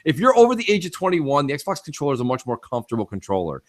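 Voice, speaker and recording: Emphatic, opinionated male co-host with a slightly raised pitch, loose gaming talk. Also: huge pitch swings, rapid-fire. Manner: opinionated, emphatic, repeats "it is what it is". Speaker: podcast co-host. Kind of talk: casual gaming chat.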